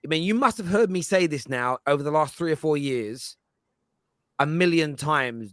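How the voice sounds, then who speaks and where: A man's voice: fairly high pitch, lively intonation, moderate pace, a bit bright, no room sound. A man hosting a football fan show, telling stories in a jokey, chatty way. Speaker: show host. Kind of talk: casual chat.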